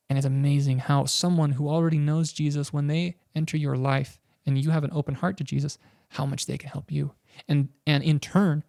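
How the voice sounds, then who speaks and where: A man's voice: fairly high pitch, gravelly, mellow, no room sound, clean studio sound. A man on a podcast as a guest, earnestly telling a personal faith story with many restarts and filler words.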